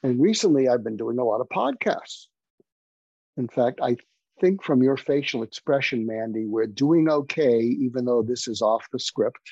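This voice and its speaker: A man's voice: mid-range voice, lively intonation, normal speed, a little mellow, husky, no room sound, muffled recording. A man who is a doctor and podcast guest, telling stories earnestly in a conversational, anecdotal way.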